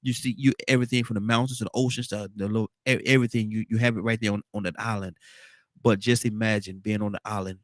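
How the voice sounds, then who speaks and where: A man's voice: lowish voice, fairly even intonation, fast, no room sound, studio quality. A man hosting a casual morning talk show, rambling and repeating his words. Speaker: host.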